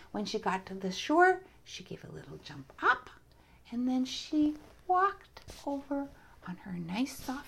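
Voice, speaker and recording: A woman narrating a children's story, softly and often in a whisper. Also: medium pitch, gravelly, slightly rough. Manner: soft, often whispered, slow and animated.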